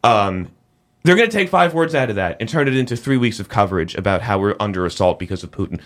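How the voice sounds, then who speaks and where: Male podcast host, opinionated, animated delivery. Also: lowish voice, fast. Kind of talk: casual tech talk show chat.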